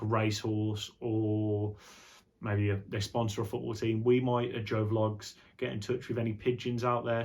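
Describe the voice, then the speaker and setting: A young man chatting casually on an unscripted vlog, rambling and jokey, with some swearing. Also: mid-range voice. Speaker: vlogger.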